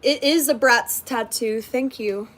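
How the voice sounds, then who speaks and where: A woman's voice: on the high side, unhurried, a bit bright. A young woman chatting casually on a livestream from a hotel room, thanking viewers and scolding her puppy.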